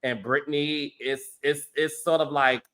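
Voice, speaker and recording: Bright-toned male podcast host, emphatic. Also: a little high, fairly even intonation, unhurried. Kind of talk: casual podcast chat.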